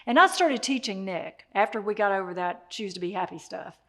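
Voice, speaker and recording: Speaking straight to the listener, a mid-range-voiced woman delivers an animated motivational talk, fairly quick, circling back to her key phrases.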